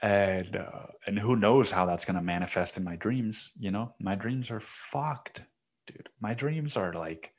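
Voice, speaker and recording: A young man hosting a solo podcast, rambling casually and with a lot of swearing, saying "dude" constantly. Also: fairly low pitch. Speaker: podcast host.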